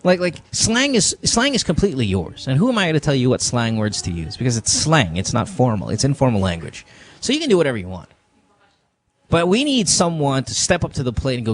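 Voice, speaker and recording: A man's voice: mid-range voice, big pitch swings, a little fast. A man hosting a podcast, ranting with fiery energy and constant swearing in casual banter. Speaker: podcast host.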